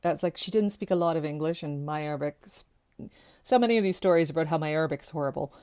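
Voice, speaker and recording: A woman's voice: sits low, quick pace, a little mellow. A woman telling a personal story to camera, candid and conversational, loose with little fillers. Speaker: keynote speaker.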